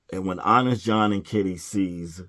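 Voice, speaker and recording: A man with a lowish voice rants casually about a film, sounding exasperated and sighing often. He drops into mumbled little impressions of the characters as he recaps. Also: slow, fairly bright tone. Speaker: movie reviewer.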